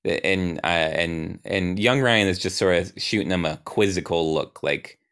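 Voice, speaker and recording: A man narrating an improvised role-play game, halting and restarting as he goes. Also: low voice, a bit bright, smooth.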